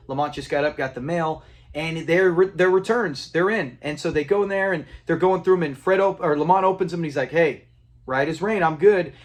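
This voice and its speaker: A man casually recapping a classic sitcom episode, retelling scenes, acting out quotes and chuckling along. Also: a little high. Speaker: TV episode reviewer.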